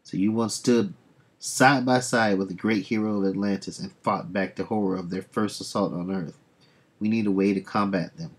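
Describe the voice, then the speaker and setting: A man's voice: low-pitched, steady tone, moderate pace, breathy edge. A man voicing a grave, ancient male sea god, reading solemn archaic lines from a comic.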